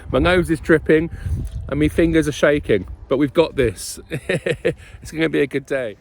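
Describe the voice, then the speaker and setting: Gravelly-voiced British man vlogging. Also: on the high side, normal speed. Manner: chatty and cheeky, laughs often, mild swearing. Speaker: narrowboat vlogger. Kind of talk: casual vlog chat.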